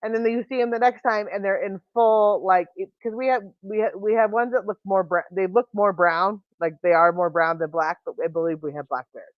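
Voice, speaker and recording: A woman hosting a livestream, talking in casual chat and telling rambling, animated stories full of restarts. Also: mid-range voice, a little fast, few pauses, dry recording, lo-fi sound. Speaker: livestream host.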